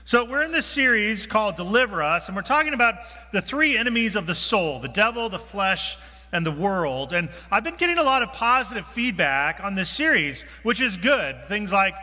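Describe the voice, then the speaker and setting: Bright-voiced male pastor in a reverberant church. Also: high-pitched, very animated, normal speed. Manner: self-deprecating, conversational, with restarts. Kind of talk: sermon. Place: church sanctuary.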